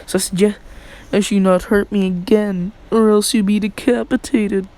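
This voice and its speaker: A man's voice: high-pitched, flat delivery, moderate pace, a little mellow. A man voicing a bratty, spoiled young bully who talks arrogantly and makes threats. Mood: smug threat.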